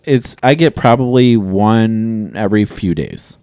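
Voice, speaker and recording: A man's voice: fairly low pitch, animated, unhurried, mellow, smooth, no room sound, studio quality. A man co-hosting a podcast, reacting bluntly and swearing freely in casual chat. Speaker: podcast co-host.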